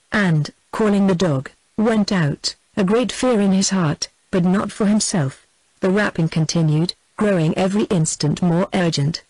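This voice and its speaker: A man narrating a historical novel aloud, in a steady, measured reading voice. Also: high-pitched, no room sound, poor audio. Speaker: audiobook narrator. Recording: dry close studio sound.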